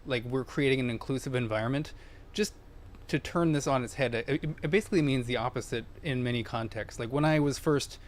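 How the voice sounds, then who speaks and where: A male guest speaks at a middle pitch in a podcast studio. He was once an academic, and he lays out his argument in a measured, explanatory way. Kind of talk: panel discussion.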